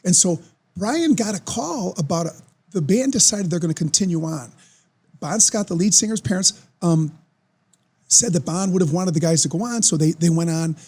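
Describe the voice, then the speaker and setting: A man, telling a story as a podcast guest in an excitable, animated way. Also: high voice, moderate pace, slightly rough. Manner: animated, excitable storyteller who acts out quoted voices. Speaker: podcast guest, former football player. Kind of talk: casual storytelling.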